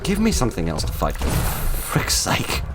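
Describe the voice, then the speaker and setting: A man narrating a game playthrough, with theatrical polite exasperation that swings from loud outbursts to quiet murmurs. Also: rumbling low, expressive, normal speed, over loud music. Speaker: gaming video host. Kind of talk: let's play commentary.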